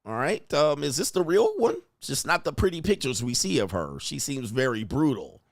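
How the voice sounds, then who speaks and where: A man's voice: medium pitch, big pitch swings, normal speed, vocal fry, no room sound. A man hosting a reaction commentary, talking in a blunt, mocking and exclaiming way. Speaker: host.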